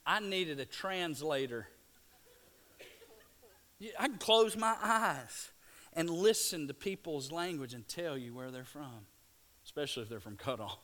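A man from Louisiana, preaching a sermon and swinging between hushed, slow passages and loud, excited bursts. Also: fairly high pitch. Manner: dynamic, swings from hushed to shouting. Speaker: pastor.

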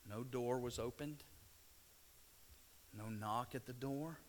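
Slow-paced animated male preacher. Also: mid-range voice, slight background noise. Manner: animated storytelling, stammering restarts. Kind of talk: sermon.

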